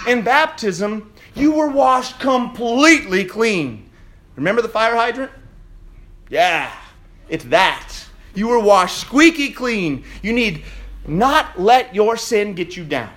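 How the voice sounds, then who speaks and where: A man preaching in a church, his fairly high voice leaping up and down in pitch. He moves between ringing, shouted declarations and quiet, playful asides to the congregation. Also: animated, slow pace. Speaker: pastor. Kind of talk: Easter sermon.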